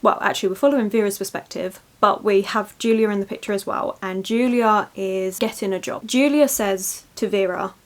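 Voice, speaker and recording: A woman's voice: medium pitch, steady tone, a little fast, hardly any pauses. A woman chatting casually in a reading vlog, enthusiastic and prone to tangents. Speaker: book vlogger.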